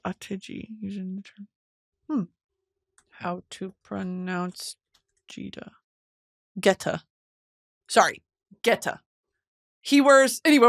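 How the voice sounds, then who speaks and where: A woman hosting a podcast in casual chat, excitable and swearing freely, on a close studio mic. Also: a little high, dry recording. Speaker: podcast host.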